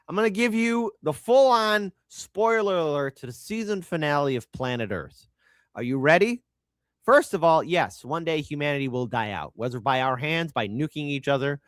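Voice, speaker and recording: A man hosting his own commentary show, ranting with crude sarcasm and mockery. His pitch swings widely as he talks, rising into shouted jabs. The sound is dry and close, with no room echo. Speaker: show host.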